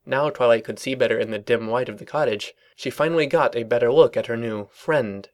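Male narrator for a storybook reading, even and dry, medium pitch. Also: fairly quick. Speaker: reader.

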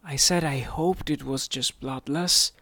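A man voicing a young female pegasus pony who speaks softly and weakly, short of breath. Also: mid-range voice, unhurried, clean tone, no room sound, voice pushed up, close to an everyday voice. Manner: soft, weak and apologetic.

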